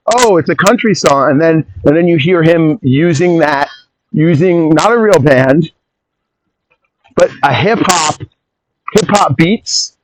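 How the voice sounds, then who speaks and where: A man hosting a podcast in a casual rambling monologue, opinionated and quick to jump off on tangents and interrupt himself. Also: fairly high pitch, background noise. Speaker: podcast host.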